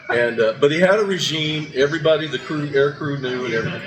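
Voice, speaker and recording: This low-quality recording captures an older man hosting a casual restaurant breakfast chat for his podcast, with crowd noise and background music. His voice is on the high side and fast as he rambles through stories riddled with fillers and restarts.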